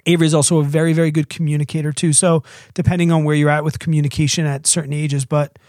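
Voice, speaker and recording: A man in his thirties co-hosting a relaxed podcast, chatty and fond of mimicking a toddler in a squeaky voice. His voice sits a little high, and the sound is close and dry with no room around it. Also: quick pace, dry recording. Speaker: podcast co-host. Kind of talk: casual podcast chat.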